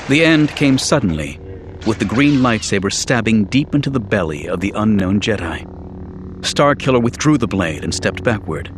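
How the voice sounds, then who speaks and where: A man reading an audiobook in scripted narration, measured and even. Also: on the low side, background noise.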